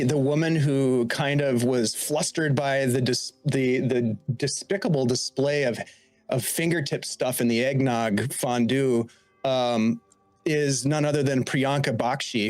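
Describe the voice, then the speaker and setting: A man narrating a sci-fi tabletop game as game master, describing scenes in a halting way with many restarts. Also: mid-range voice, darkish tone, no echo, soft background music.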